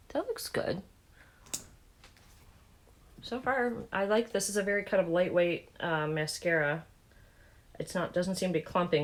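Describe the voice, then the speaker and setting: A woman in her forties with a Southern accent, talking candidly and rambling through fillers while doing her makeup. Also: low voice. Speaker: beauty vlogger.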